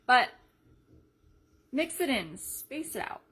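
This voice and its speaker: A woman leading a sales team in a casual live video, chatty and energetic, retelling conversations as she goes. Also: high voice, slow, husky. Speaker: team leader.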